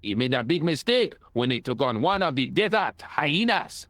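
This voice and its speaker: A boastful old French soldier from a video game, with a French accent and a pompous, chuckling manner. His pitch swoops widely as he talks. The studio sound is dry. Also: big pitch swings, moderate pace, fairly bright tone, dry recording.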